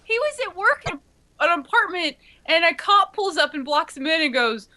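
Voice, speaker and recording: A woman co-hosting a show, telling a lively story in casual chat and laughing often. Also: extremely high pitch, normal speed. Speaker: podcast co-host.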